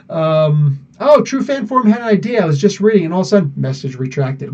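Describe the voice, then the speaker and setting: A man's voice: high-pitched, lively intonation, a little fast, hardly any pauses, a little mellow, distant mic, highs cut off. A man hosting a live podcast, chatting loosely, laughing often and using many fillers. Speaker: podcast host answering live chat. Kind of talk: casual live-stream chat.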